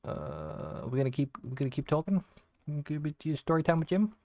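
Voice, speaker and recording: A man's voice: mid-range voice, gravelly, darkish tone, no echo. An Australian man, a gaming streamer, telling rambling stories while he plays, swearing casually and acting out what people said. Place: home room converted from a shed.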